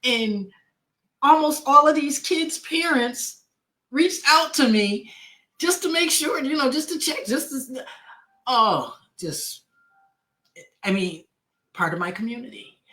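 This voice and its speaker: Grieving woman host. Heartfelt personal talk, halting, lots of repeated words and ums. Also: high-pitched, animated, sharp tone. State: grieving, emotional. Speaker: podcast host.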